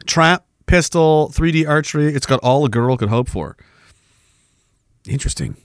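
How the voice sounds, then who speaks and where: A man's voice: on the high side, expressive, moderate pace, clear, resonant tone, dry recording, studio quality. Blunt, combative male stream host. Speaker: podcast host reading chat. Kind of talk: casual livestream chat.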